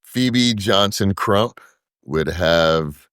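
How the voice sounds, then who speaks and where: A man with a very deep voice talks casually as a podcast guest. He often repeats a word or two while he hunts for a name. The sound is dry and close, with no room around it. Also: extremely slow, clear, resonant tone, no room sound. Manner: relaxed, repeats words while searching for names. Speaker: podcast guest, brewery co-founder. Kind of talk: casual interview talk.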